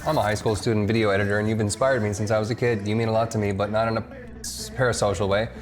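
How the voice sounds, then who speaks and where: A man's voice: fairly low pitch, fairly even intonation, rapid-fire, a little hiss or hum. A man streaming a game from home, casually chatting, joking and reading chat messages aloud. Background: game music.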